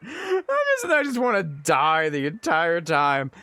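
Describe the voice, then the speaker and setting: A young man streaming, telling a funny story in casual chat, animated and laughing often. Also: a little high, a little slow. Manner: animated, laughs often, acts out quoted voices.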